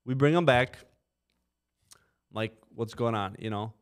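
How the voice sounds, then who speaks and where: A man's voice: mid-range voice, measured pace. A man, a trucking company co-owner, telling stories in casual podcast talk, acting out quotes and often saying "you know". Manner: animated anecdote-telling, acts out quoted drivers, frequent "you know". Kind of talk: casual storytelling. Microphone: podcast microphone.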